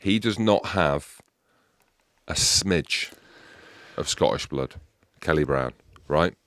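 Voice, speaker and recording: Very deep-voiced man hosting a podcast. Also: animated, slow, fairly bright tone, no echo. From England. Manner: emphatic, leading questions. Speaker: podcast host. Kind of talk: casual podcast chat.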